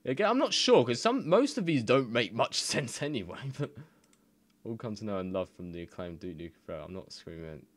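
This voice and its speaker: A man's voice: fairly low pitch, lively intonation, fairly quick, no room sound. A man, casually reading odd machine translations aloud, laughing and swearing as he goes. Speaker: gaming video creator.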